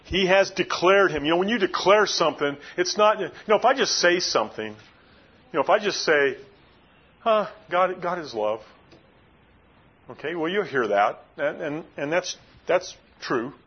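A male pastor delivering a sermon with emphatic, rising and falling preaching. His voice sits a little high and sounds husky. The recording is dull and lo-fi. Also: animated, normal speed. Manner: emphatic preaching, swings between raised and hushed delivery.

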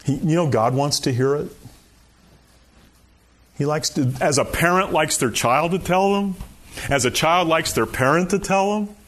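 A man's voice: fairly high pitch, unhurried, long pauses, fairly bright tone. A man preaching a sermon in a conversational, folksy way, often saying "you know" and chuckling. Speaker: pastor.

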